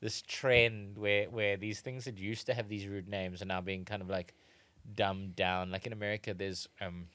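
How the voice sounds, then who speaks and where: A man's voice: lowish voice, fairly even intonation, moderate pace, fairly bright tone, no echo. A man co-hosting a comedy trivia podcast, explaining facts in a wry, joking casual chat. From South Africa. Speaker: podcast co-host.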